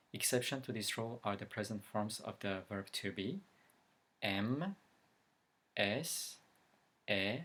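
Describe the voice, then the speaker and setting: A man teaching a beginner language lesson, reading letters one at a time and then explaining the rules. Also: lowish voice. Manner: reads letters one by one, louder on each. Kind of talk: slow spoken language lesson.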